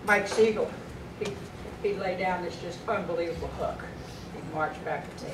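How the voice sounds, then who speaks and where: A woman's voice: on the low side, normal speed, over music. A middle-aged woman giving a memorial speech full of anecdotes about a late friend, often laughing as she tells them. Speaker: speaker honoring a late friend; women's pool tour board member. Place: banquet hall at a dinner. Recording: echoey distant hall recording with background noise.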